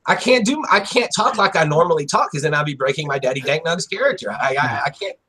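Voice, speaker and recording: Co-host: blunt foul-mouthed man, high bouncy voice. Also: animated, fast, pushed and bright. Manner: blunt, profane, says "you know what I mean" a lot. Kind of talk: casual chat.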